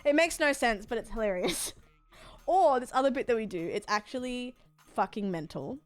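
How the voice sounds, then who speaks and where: A woman's voice: on the high side, animated, normal speed. A woman streamer chatting casually while she plays, rambling and frank, swearing freely with lots of fillers. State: sore body.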